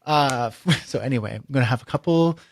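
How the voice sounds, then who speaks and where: A man's voice: medium pitch, a little fast, no room sound. A Canadian man co-hosting a podcast, chatting casually and playfully. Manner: playful, mimics phone menus in jokey voices. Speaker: podcast co-host.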